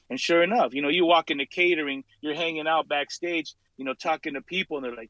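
A man's voice: a little high, fairly even intonation, fast talker, few pauses, bright, forceful tone, no room sound, low-quality recording. A laid-back man talking casually as a podcast guest, peppering his speech with "dude" and "man". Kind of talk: casual conversation.

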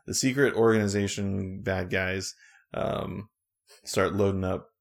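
Deep-voiced man rambling through a recap. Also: measured pace, creaky. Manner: relaxed, rambling with many fillers. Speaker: podcast co-host. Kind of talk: casual chat recapping a show.

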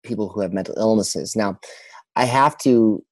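A man, a pastor and guest on a podcast, telling a personal story in an earnest, halting way with many restarts. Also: lowish voice, a little mellow, no room sound, low-quality recording.

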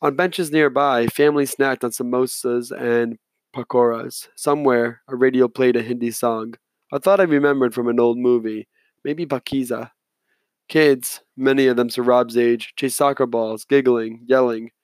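A man reads an audiobook chapter in the first person with a measured, steady delivery. His voice is mid-pitched and recorded close and dry. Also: no echo. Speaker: audiobook narrator. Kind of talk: scripted first-person narration.

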